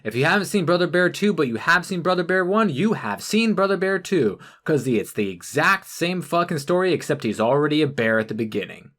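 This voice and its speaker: A podcast co-host in casual chat, ranting with a lot of swearing and halting restarts. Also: medium pitch, very animated, fairly bright tone.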